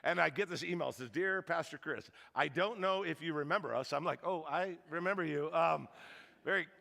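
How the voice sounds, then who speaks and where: A high-pitched man preaches to his congregation, joking and animated as he acts out the people in his story. His voice is gravelly and bright, and it carries through a large hall with a long echo. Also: a little fast. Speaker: pastor. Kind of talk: storytelling sermon. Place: church hall.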